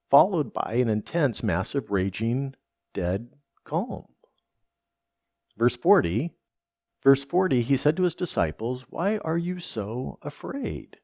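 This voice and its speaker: Gravelly male preacher, dry sound. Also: medium pitch, mellow, no room sound. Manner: emphatic, repeats "right?" and restarts words. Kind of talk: sermon.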